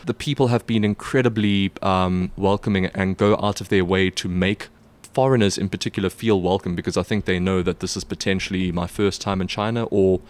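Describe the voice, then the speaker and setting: A chatty, animated man with a slightly low-pitched voice, talking sports with colleagues in an easygoing podcast chat. He keeps stopping and restarting his sentences and filling the gaps with ums. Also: fairly quick, few pauses. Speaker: sports reporter co-hosting a podcast. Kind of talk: casual chat.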